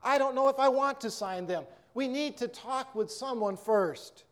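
A man's voice: very high voice, moderate pace. A man voicing a heartbroken abandoned wife, speaking in a shaken, pleading way.

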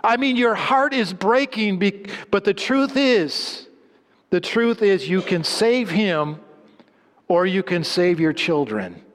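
A man delivers a sermon in a slightly high voice, pressing hard on key lines and then sinking to low, hushed endings. His voice rings out with a long hall reverb, as in a church sanctuary. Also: expressive, slow. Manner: dramatic swings between loud emphatic lines and low hushed endings. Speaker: preacher.

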